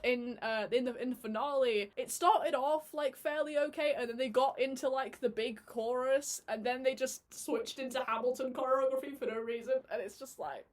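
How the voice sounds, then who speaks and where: A woman talks through a casual review in a chatty way. She laughs often, and her talk is full of fillers and restarts. Her voice sits a little high. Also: normal speed, hardly any pauses. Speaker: YouTube reviewer.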